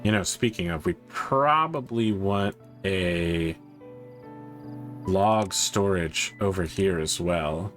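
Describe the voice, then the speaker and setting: A man streaming a city-building game, thinking aloud in casual commentary that rises when he gets excited. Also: deep voice, slow, faint music behind. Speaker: gaming streamer.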